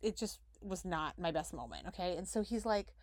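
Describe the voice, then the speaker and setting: A woman's voice: on the low side, sing-song, a little fast, dry recording, clean studio sound. A young adult woman hosting a podcast, telling a story casually and fillng it with "like" as she reenacts conversations. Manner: chatty, heavy use of "like", reenacts conversations. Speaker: podcast host.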